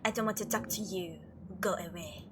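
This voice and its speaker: Woman doing a talking cat, haughty, hostile, sneering, slow and cold, spooky game. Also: fairly low pitch, noisy background, voice pushed down, close to an everyday voice.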